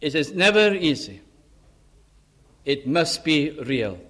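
A man preaching a sermon on a psalm, swinging from urgent raised pleas to hushed low asides and quoting scripture in old-fashioned wording. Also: very animated, takes it slowly.

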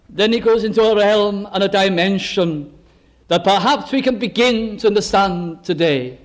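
A man preaching a sermon, working deliberately through rhetorical questions and drawn-out lists of words. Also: high voice.

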